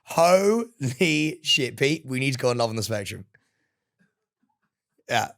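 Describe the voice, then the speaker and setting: An excitable British man chatting on a podcast mic, swearing freely and breaking into loud, high outbursts. His voice sits mid-range for a man, and he talks with lots of laughter in his chat. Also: slow pace, gravelly. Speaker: podcast co-host. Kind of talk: casual chat.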